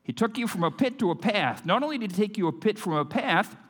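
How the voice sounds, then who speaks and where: Man, pastor, high voice, emphatic sermon, long hall reverb. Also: animated, fast talker, slightly rough. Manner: emphatic preaching, swinging from loud to hushed.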